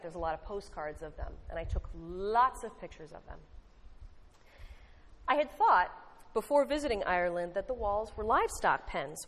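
A woman delivers a sermon in a conversational, earnest manner with wry asides. Her mid-range voice carries a long reverb tail, as in a church hall. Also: mid-range voice. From United States. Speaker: lay preacher. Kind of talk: sermon with storytelling.

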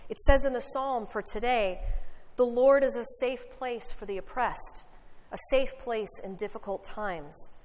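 Woman preacher with a ringing hall echo. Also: on the high side. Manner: storytelling, animated and conversational with wry asides. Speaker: pastor. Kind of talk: sermon. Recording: reverberant hall.

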